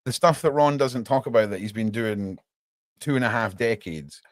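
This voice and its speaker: Speaking at a moderate pace in a mid-range voice, a man runs a laid-back live stream from a dry-sounding setup. He chats with viewers in an animated way, calling them "mate" and cursing here and there.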